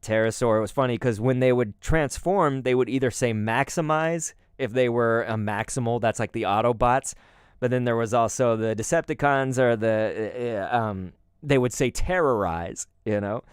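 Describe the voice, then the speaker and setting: A man's voice: mid-range voice, moderate pace, smooth, no echo, clean studio sound. A man hosting a card-opening video, chatting casually in a rambling, nostalgic way with many asides to viewers. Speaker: YouTube host opening collectible cards. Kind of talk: casual chat.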